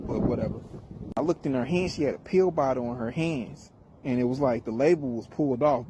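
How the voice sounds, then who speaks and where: A man's voice: mid-range voice, background noise. Wry, profane middle-aged male storyteller. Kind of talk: casual storytime monologue.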